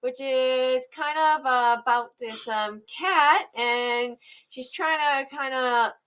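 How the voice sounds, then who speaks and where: Bright, high-voiced young woman author. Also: takes it slowly, clean tone. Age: 20s. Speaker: author and animator, guest. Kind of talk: casual interview chat.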